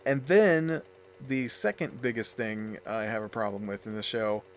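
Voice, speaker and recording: A man's voice: medium pitch, slight background noise. A man hosting a let's play, rambling in a chatty way with lots of fillers and restarts while he plays. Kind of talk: casual gameplay commentary.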